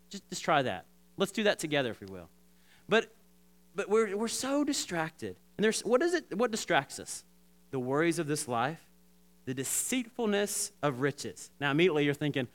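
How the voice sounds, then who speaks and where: A man preaching a sermon, talking straight to the congregation with lots of restarts and animated asides. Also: fairly high pitch, normal speed. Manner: animated, repetitive restarts, addresses congregation directly. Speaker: pastor.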